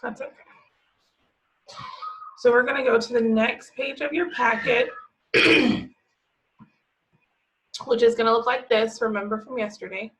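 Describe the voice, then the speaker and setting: Bright-voiced woman teaching phonics. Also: fairly high pitch, steady tone. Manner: slow, drawn-out sounding of words. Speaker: preschool teacher. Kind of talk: remote phonics lesson for young children. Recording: slightly dull lo-fi audio.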